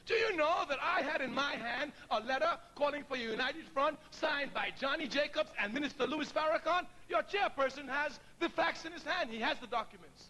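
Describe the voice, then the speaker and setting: A middle-aged man speaks to an audience in an unusually high, piercing register. His tone is bright and sharp, and he tells his story with frequent laughter. A faint hiss of room ambience sits behind him. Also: fairly quick, hardly any pauses, rough recording. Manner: storytelling, laughs often, acts out quoted dialogue. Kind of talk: public speech.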